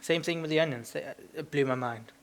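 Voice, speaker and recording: A man's voice: on the high side, brisk. A young man with a British accent chats on an amateur podcast. He rambles, swears and rants about everyday annoyances, slipping into silly impressions along the way. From Britain. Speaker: podcast co-host. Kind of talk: casual chat.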